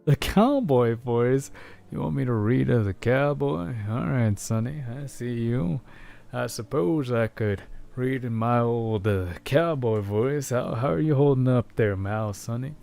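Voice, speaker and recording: A man putting on an easygoing old cowboy voice with a slow, folksy drawl. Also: mid-range voice, creaky, a little mellow, soft background music.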